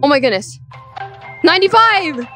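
Excitable high-voiced woman gaming. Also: measured pace, music in the background. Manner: excitable, yelps and apologizes. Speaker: gaming YouTuber. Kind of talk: let's play commentary.

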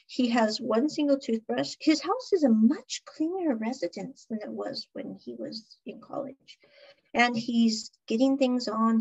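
Female podcast host, higher breathy voice, chatty recap, lo-fi muffled recording. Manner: chatty, animated retelling with laughs. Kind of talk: casual drama recap. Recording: dull lo-fi recording.

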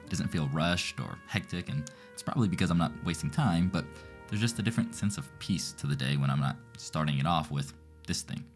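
A man in his thirties with a very deep voice gives a calm, reflective voice-over, a little self-mocking about himself. soft guitar music sits behind the narration. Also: fairly quick. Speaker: physician vlogger.

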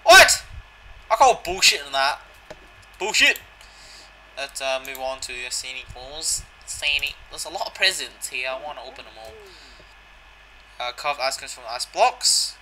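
A young man commentates his way through a video game quest, joking, swearing and reading the characters' lines out loud. His voice is very bright and sharp, over a faint background hiss. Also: mid-range voice, animated, moderate pace, poor audio. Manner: jokey, swears, reads dialogue aloud. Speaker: gaming channel host.

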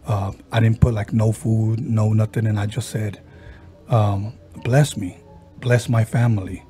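A male podcast host with a warm, dark voice settles into a casual ghost story. He jumps between narration and his friend's quoted words, stumbling and restarting along the way. Faint music plays behind him. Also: lowish voice, little pitch movement. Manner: halting, with frequent restarts and fillers.

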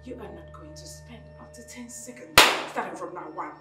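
A woman's voice: lowish voice, normal speed, distant mic, natural voice. A woman plays an angry hotel madam, scolding and threatening in a raised voice. She sits a little back from the mic in an echoey room, with music underneath. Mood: scornful.

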